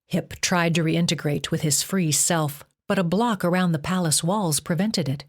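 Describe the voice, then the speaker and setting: A woman narrating a novel as an audiobook in a measured reading. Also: lowish voice. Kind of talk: scripted narration.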